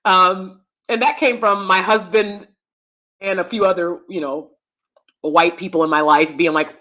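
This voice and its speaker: A woman hosting a casual livestream, loud and animated, talking straight to her viewers. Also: on the low side, takes it slowly, pauses often. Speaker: YouTube commentary host.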